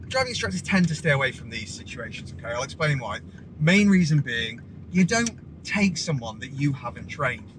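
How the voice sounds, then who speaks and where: A man, a driving instructor, telling a story in a rambling, animated way with many restarts. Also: medium pitch, normal speed, noisy background. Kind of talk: casual storytelling vlog. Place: outdoors by a parked car.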